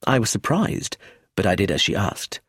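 A man reading a novel aloud as first-person narrator, measured and expressive. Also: lowish voice, breathy edge, dry recording, clean studio sound. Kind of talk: audiobook narration.

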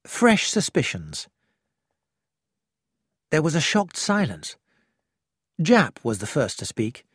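A reader narrating a detective novel chapter in a measured storytelling style. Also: mid-range voice, slightly rough, no echo, studio quality. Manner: measured, lively storytelling intonation. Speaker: audiobook reader. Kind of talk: scripted narration.

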